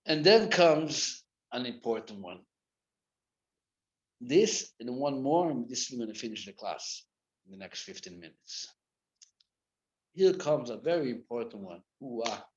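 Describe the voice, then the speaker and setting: Rabbi giving a torah class, lively then hushed, muffled lo-fi recording. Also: male voice, medium pitch, measured pace, long pauses. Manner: animated, swings from loud acted rebukes to quiet asides; mixes Hebrew and Yiddish terms into English. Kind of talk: live Torah class lecture.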